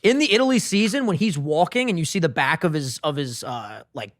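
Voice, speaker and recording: A man co-hosting a podcast, telling a story in a casual chat, animated and swearing a lot. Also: fairly high pitch, brisk, dry recording, studio quality. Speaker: podcast co-host. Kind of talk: casual chat, retelling a TV scene.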